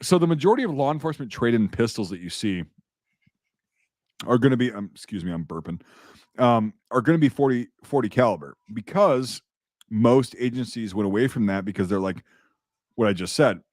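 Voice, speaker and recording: A man's voice: medium pitch, expressive, a little fast, darkish tone, dry recording, clean studio sound. A man in casual chat as a podcast host, rambling and profane, with many restarts and fillers.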